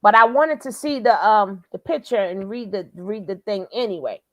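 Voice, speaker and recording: An older woman hosting her own channel, chatting casually with loud, animated bursts. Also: mid-range voice, moderate pace, no room sound. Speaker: channel host. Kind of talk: casual commentary chat.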